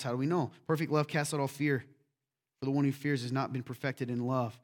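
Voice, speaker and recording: A man preaching a sermon as pastor, conversational and full of questions to the congregation, swinging between loud emphatic points and quiet asides. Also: medium pitch, fairly even intonation, a little fast.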